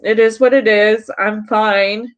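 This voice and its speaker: A woman's voice: medium pitch, fairly even intonation, slow pace, lo-fi sound. A woman streaming live to her chat, congested from crying and frustrated, talking through what happened. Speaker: YouTuber on a livestream. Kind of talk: emotional livestream talk to chat.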